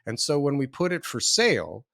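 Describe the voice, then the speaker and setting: A man's voice: medium pitch, wildly swooping pitch, fairly quick, creaky, a bit bright, dry recording, studio quality. A man in his forties, a real estate developer and interview guest, telling his story in a rambling, self-deprecating way with many restarts. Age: 40s.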